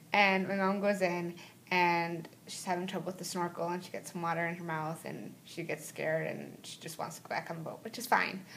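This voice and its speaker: A woman vlogger telling a story casually to camera, chatty and animated, often saying "like" and "right?". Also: fairly low pitch, a little hiss or hum. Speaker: travel vlogger.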